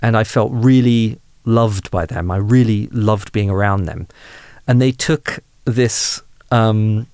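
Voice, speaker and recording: A man in his thirties from England, a humanist chaplain, telling a personal story candidly in a podcast interview, self-deprecating and lively when amused. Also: on the low side, takes it slowly, few pauses, clean tone, no room sound, studio quality.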